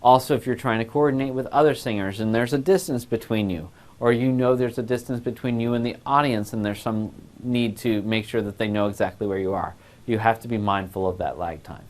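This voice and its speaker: A man's voice: lowish voice, steady tone, a little fast. Man teaching a voice class on a lapel mic. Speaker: voice class instructor. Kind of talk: recorded lecture.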